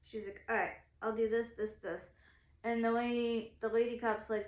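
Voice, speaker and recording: A woman's voice: on the high side, moderate pace, roomy sound. A woman telling a story in a casual, rambling way, full of "like" and acted-out quotes. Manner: animated, rambling, heavy use of "like". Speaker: craft shop vlogger.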